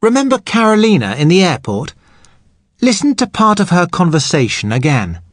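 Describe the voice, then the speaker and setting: A man, explaining English grammar in a clear, patient, scripted way as a podcast teacher. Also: high-pitched, huge pitch swings, moderate pace, no room sound, clean studio sound.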